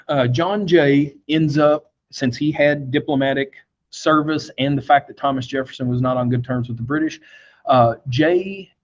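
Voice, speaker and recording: With a medium-pitched, darkish voice, a man leads a history class in a relaxed, conversational way. He uses lots of fillers and briefly acts out quotes, on a recording whose highs are cut off.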